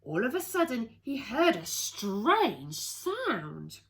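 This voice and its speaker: A woman reading a rhyming picture book aloud to children, in an expressive sing-song way with playful asides. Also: fairly high pitch, slow pace. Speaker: children's storyteller.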